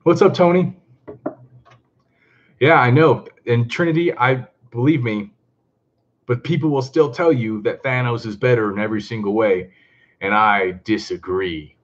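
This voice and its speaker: A man chatting casually on a live stream, excitable and talkative, greeting viewers and laughing often. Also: mid-range voice, a little slow, long pauses, lo-fi sound. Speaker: comic book vlogger hosting a live stream.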